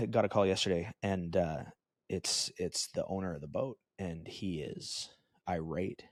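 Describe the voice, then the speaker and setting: Male podcast co-host, very low voice, dry close sound, casual storytelling. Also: gravelly, husky, no room sound. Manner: storytelling, animated when quoting others.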